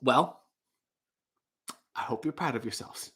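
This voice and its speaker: A man's voice: mid-range voice, slow, sharp tone, slightly rough, heavily acted. A man playing a nervous, overly polite restaurant waiter in an improvised comedy sketch, stammering and laughing awkwardly. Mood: flustered.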